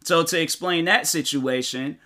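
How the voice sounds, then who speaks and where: Young guy podcasting solo, really bright voice, kinda high, rambly and slangy. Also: measured pace. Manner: rambling, loose, slangy, full of fillers and restarts. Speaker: podcast host. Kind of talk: casual solo podcast recap.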